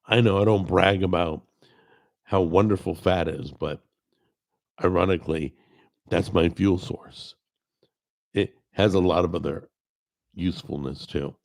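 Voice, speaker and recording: Gravelly, strained man talking slowly. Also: deep voice, darkish tone. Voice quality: gravelly, strained voice from a paralyzed vocal cord. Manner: rambling, self-deprecating, plainspoken. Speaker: cooking show host. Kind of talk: casual chat to camera. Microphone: desk microphone recorded over a video call.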